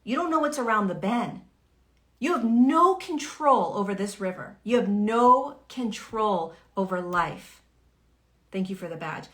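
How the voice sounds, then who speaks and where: A woman's voice: mid-range voice, expressive, unhurried, a bit bright. A woman teaching on a livestream in a casual, earnest way. She swears freely and acts out the voices of the people in her examples. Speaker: spiritual teacher hosting a livestream.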